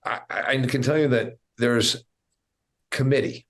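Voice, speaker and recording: A man's voice: mid-range voice, a little slow. A man hosting a podcast interview, talking in a folksy, blunt way with frequent restarts. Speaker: podcast host.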